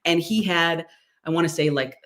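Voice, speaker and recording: A woman who calls basketball games as a play-by-play announcer, guesting on a podcast in animated, chatty talk. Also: lowish voice. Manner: animated, chatty, quick storytelling. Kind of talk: casual podcast chat.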